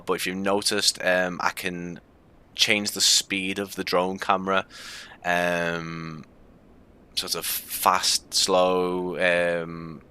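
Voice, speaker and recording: Low flat Scouse man, bright crisp voice. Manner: casual and rambling, with many fillers. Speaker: streamer. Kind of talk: live gameplay commentary.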